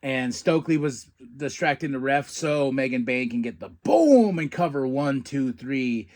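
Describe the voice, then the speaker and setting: A man hosting a podcast, recapping a wrestling show in a casual, excitable, rambling way and laughing often. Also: mid-range voice, unhurried. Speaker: podcast host.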